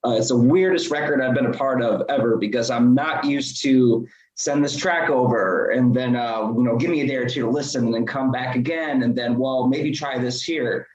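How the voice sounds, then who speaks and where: A man who plays in the band, talking in a rambling, relaxed way in a casual interview. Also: medium pitch, normal speed, hardly any pauses. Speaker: band member. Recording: roomy, dull audio.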